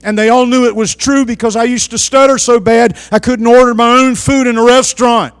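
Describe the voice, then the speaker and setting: Impassioned preacher man, high-pitched. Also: steady tone, fairly quick, smooth, no room sound, studio quality. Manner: impassioned, swinging between shouted and hushed. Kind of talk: sermon.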